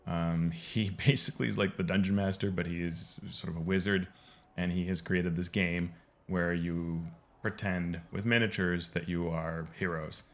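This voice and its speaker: A man giving casual, rambling commentary over gameplay as he explains game lore, pausing often to restart his sentences. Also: low-pitched, steady tone, a bit bright. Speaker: game lore video host.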